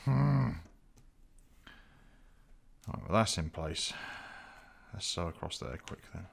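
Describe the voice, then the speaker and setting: A man's voice: low voice, moderate pace, vocal fry, fairly bright tone, breathy edge. A tired man talking casually to the camera while doing leatherwork, muttering to himself as he works. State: tired after a long week. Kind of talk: casual workshop vlog narration.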